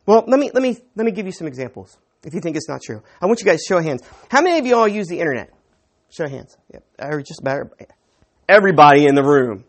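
A man's voice: high-pitched, big pitch swings, very fast. A man preaching a sermon to a live audience, teaching conversationally with rhetorical questions and frequent restarts. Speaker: pastor.

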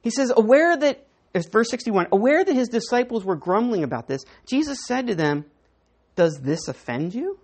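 Lively-voiced woman preaching a sermon. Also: a little high, fairly quick, few pauses. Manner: conversational teaching, asks the congregation questions. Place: church.

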